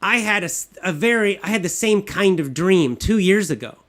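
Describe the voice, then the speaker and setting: A man's voice: sits high, expressive, moderate pace, fairly bright tone, voice pushed up. A man voicing a mocking male thief leader who sneers at a boy as stupid. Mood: scornful.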